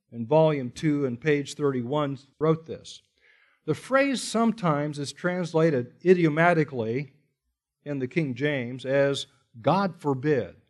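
Emphatic man teaching a Bible study. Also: a little high. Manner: emphatic, repeats key phrases, rhetorical questions. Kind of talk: expository sermon.

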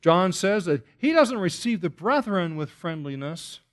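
A man's voice: sits high, big pitch swings, unhurried. A man preaching an expository sermon, emphatic, repeating phrases and asking rhetorical questions. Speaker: pastor.

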